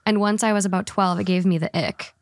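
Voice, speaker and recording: A woman hosts a relaxed podcast chat, reading listener comments aloud and reacting with gossipy frankness. Her pitch sits in the middle, and the recording is dry and close. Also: fast, no echo. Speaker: podcast host. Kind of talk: casual chat.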